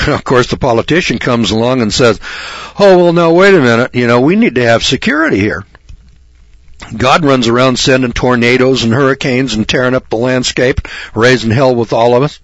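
A man preaching a fire-and-brimstone sermon, blunt, sarcastic and rambling, reading scripture slowly. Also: mid-range voice, a bit bright, no room sound, highs cut off. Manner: reads scripture slowly and deliberately.

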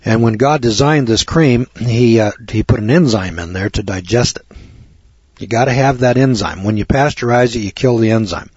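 A husky-voiced man lectures a room, reading passages aloud and then hammering his points home with preachy, mocking asides. The sound is dry and close, with no room around it. The recording is dull and lo-fi, its highs rolled off. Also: normal speed, darkish tone, no echo.

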